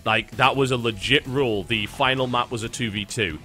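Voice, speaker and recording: A man commentating a live esports match with a bright, forceful voice. He talks in a wry, chatty way. Faint music plays underneath. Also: medium pitch, brisk. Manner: wry, talkative play-by-play. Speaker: esports caster.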